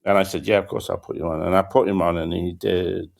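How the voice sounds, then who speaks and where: Older guy hosting a comedy podcast, really low gravelly voice, rambly and stop-start. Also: flat delivery. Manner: rambling, halting, many restarts and fillers. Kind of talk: casual anecdotal chat.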